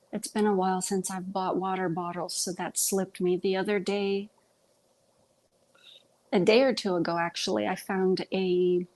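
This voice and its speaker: Speaking into earbuds, a woman runs a relaxed home live stream, wandering from topic to topic and stumbling as she talks. She has a lowish, darkish voice, and the audio is poor.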